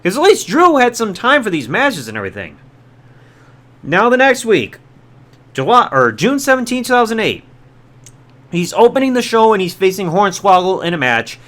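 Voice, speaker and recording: Male podcast host, casual chatty recap, high voice with wide, lively swings. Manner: chatty, quick asides, quotes characters mid-story. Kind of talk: casual recap of old wrestling storylines.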